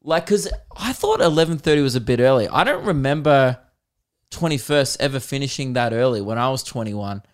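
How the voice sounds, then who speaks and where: Animated Australian man ranting with laughs. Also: medium pitch, brisk. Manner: animated, exasperated, laughs often, swears. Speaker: podcast host. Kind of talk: comedic storytelling rant.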